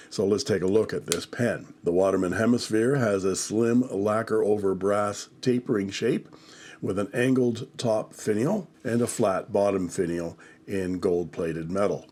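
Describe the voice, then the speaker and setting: A man with a congested, nasal voice hosting a calm, detailed pen review. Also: deep voice. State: nasal from illness. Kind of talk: scripted product review narration.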